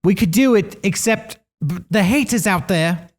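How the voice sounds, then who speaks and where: A man's voice: moderate pace, natural voice. A man doing a goofy fake-British pop star woman. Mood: breezy, goofy. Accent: put-on British. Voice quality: high, loud, exaggerated. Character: mock-British woman pop singer, breezy and naive.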